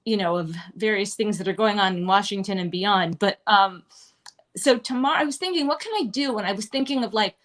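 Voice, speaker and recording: Speaking fairly quickly in a mid-range voice, a middle-aged guest performer from Manhattan, New York, chats in a rambling way peppered with fillers and asides. The casual interview is live-streamed from a restaurant.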